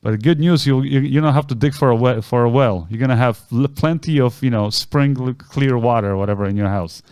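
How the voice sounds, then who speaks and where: A man co-hosting a podcast, casually retelling a story and acting out the voices of the people in it with big jumps in pitch. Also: fairly quick, a little mellow, clean tone. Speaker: podcast co-host.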